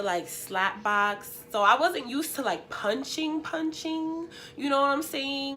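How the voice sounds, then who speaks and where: A young woman with a slightly high voice, sniffly from feeling unwell. She tells her story in a lively, emphatic way, full of slang. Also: slight background noise. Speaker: vlogger. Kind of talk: story time.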